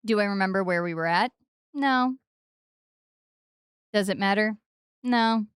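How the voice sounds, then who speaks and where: A woman's voice: unhurried, fairly bright tone, clear, resonant tone, no room sound, studio quality. Playful streamer woman with sing-song stresses. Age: 40s. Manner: playful, jumps into high sing-song stresses on odd syllables. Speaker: game streamer. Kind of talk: casual game-stream chat.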